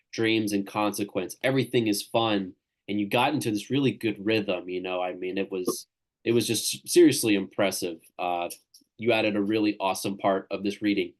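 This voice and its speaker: A man from Tennessee, casually hosting a literary reading on a video call, rambling and enthusiastic. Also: lowish voice. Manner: loose, rambling and enthusiastic, with crude jokes. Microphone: video call microphone.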